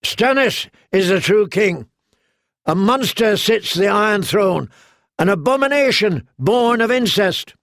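A man voicing a fanatical knight who shouts wild prophecies in a strained, high voice. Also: slow, no room sound, studio quality, exaggerated voice. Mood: raving. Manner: shouting, ranting and high-pitched.

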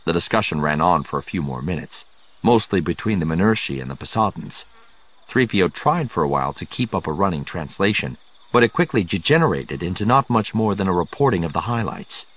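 A man narrating an audiobook in a measured storytelling manner. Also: sits low, big pitch swings, a bit bright, breathy edge.

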